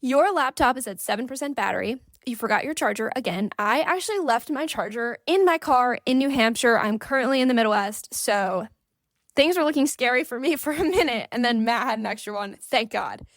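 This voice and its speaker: Chatty higher-voiced woman podcast host. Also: lively intonation, no room sound, clean studio sound. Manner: chatty and playful, with sudden sing-song rises and quick asides. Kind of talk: casual solo podcast chat.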